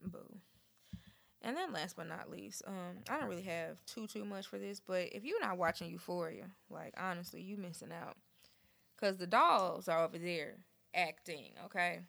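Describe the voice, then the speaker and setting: A woman co-hosting a podcast in casual chat, with profane, animated storytelling. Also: fairly low pitch, moderate pace, gravelly, no echo. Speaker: podcast co-host.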